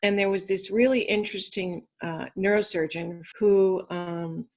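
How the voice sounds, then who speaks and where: A middle-aged woman recounting her own experience in a casual interview, earnest and detailed, with quick bursts of speech. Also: mid-range voice, darkish tone. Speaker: guest, cancer survivor.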